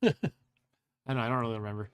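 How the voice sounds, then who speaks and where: A man in his forties hosting a live stream and reading a gamebook aloud in his own voice. He talks in a relaxed, chatty way, chuckles often and stumbles over foreign words. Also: medium pitch, quick pace, a little hiss or hum. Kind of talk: casual live-stream chat and read-aloud.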